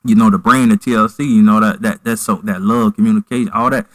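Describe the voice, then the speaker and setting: A man with a fairly low voice hosts a casual podcast chat. He rambles warmly and loosely, leaning on fillers like "you know" and "man." The sound is dry and close. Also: steady tone, fast, dry recording, poor audio.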